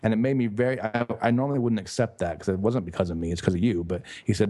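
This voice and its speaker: A man with a low voice talks on a casual podcast, rambling and enthusiastic and often stopping to fix his own words. His tone is dark and mellow. He sounds like a guest author and life coach who is happy to talk at length. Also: brisk, hardly any pauses, slightly rough. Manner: rambling, enthusiastic, self-correcting.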